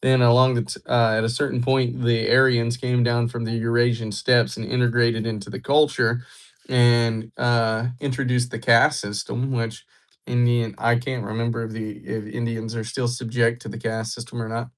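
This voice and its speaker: A man's voice: mid-range voice, level tone, moderate pace. A young man from Georgia, chatting casually with viewers on a live stream. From Georgia, USA. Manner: chatty, laid-back, joking with viewers. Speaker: livestreamer.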